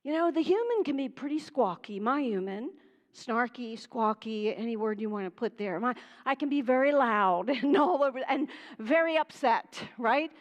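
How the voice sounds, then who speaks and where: A woman minister from Pennsylvania preaches in a high, bright-toned voice. She is lively and chatty, then drops to soft, hushed tones. Her words ring with the long reverb of a church hall. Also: normal speed, muffled recording. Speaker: guest minister. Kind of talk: sermon. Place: church sanctuary.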